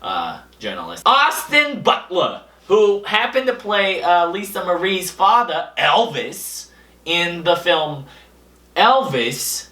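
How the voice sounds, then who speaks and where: A young man hosting a comedy show, delivering a deadpan monologue full of absurd boasts, his voice jumping between high and low. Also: slow pace. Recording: echoey room, a bit far from the mic.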